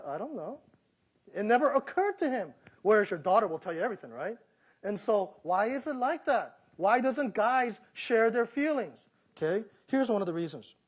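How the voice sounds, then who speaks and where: A middle-aged pastor delivers a lively sermon in a fairly high voice for a man. He talks straight to his listeners and acts out the voices he quotes. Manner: animated preaching, acting out quoted voices.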